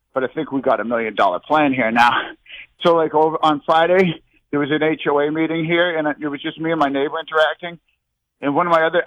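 A man's voice: on the high side, fairly bright tone, dry recording, low-quality recording. A young man calling in to a radio show, out of breath, rambling in a scattered way. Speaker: regular caller. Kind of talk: rambling phone-in call.

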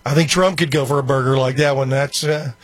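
A man's voice: medium pitch, fairly even intonation, fairly quick, no echo. A man hosting a radio call-in show, chatting easily with callers. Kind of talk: casual call-in chat.

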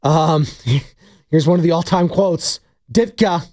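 A man's voice: on the high side, slow pace, darkish tone, no echo. A man hosting a sports radio show, talking casually with lots of fillers. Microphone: studio mic.

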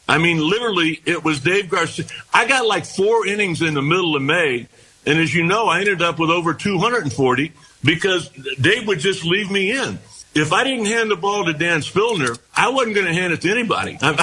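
An older man, a former baseball pitcher, telling long rambling anecdotes in a casual interview, often restarting his sentences. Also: bright, forceful tone, slight background noise, low-quality recording. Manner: rambling anecdotes with repeated starts and quoted dialogue.

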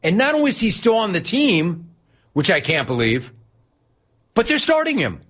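A man's voice: high voice, sing-song, moderate pace, a bit bright. A man hosting a sports radio show, ranting sarcastically and incredulously at a player. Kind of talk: ranting sports talk monologue.

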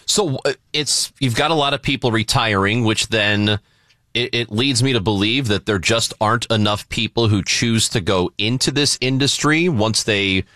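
A man's voice: fairly low pitch, moderate pace, sharp tone, dry recording, clean studio sound. A man in his forties hosting a radio talk show, asking joking, playful questions. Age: 40s.

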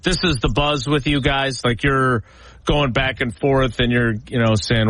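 A male sports talk host introducing clips and questioning his co-host, lively, jokingly mimicking players. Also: medium pitch, moderate pace, no echo, poor audio.

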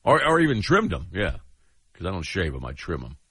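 A middle-aged man co-hosting a podcast in crude casual banter, rambling and self-deprecating, with a husky voice. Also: deep voice, wildly swooping pitch, brisk, a bit bright, dry recording, studio quality. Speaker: podcast co-host.

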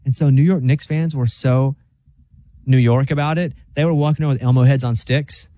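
A man's voice: medium pitch, a little fast, dry recording, clean studio sound. A man hosting a radio show, chatting casually and joking as he reads stories out. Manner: joking, animated storyteller who slips into silly voices.

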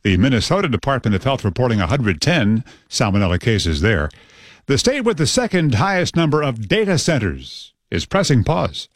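A male radio news anchor reading headlines in a crisp, measured newscast style. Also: medium pitch, sing-song.

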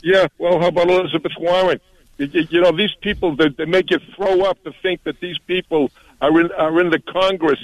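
A man's voice: sits high, steady tone, fairly quick, no room sound. A man calling in to a radio show, indignant and stammering, repeating his words. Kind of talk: call-in complaint. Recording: dull phone line.

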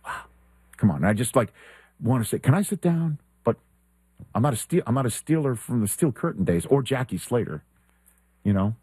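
A man hosting a sports talk show, telling a lively anecdote and acting out the quoted exchanges. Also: mid-range voice, normal speed, long pauses, slightly rough, no room sound. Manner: animated storyteller who acts out quoted exchanges.

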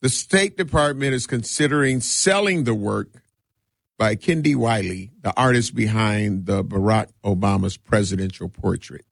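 A man filling in as radio host, talking casually and animatedly, with quick laughs and mock voices. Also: fairly low pitch, vocal fry, husky, no room sound, studio quality.

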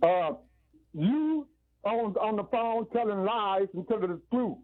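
Brief: male caller, high voice, muffled and tinny over a phone line, halting and repetitive. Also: expressive. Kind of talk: call-in talk radio.

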